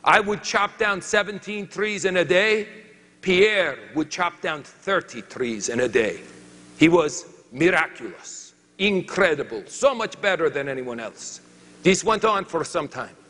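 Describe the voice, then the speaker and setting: Man doing a comic French woodcutter, high-pitched and drawn-out, thick put-on accent, long hall reverb. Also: lively intonation, bright, forceful tone, exaggerated voice. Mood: storytelling. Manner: halting, broken English, comic timing. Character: boastful French lumberjack man, comic storyteller.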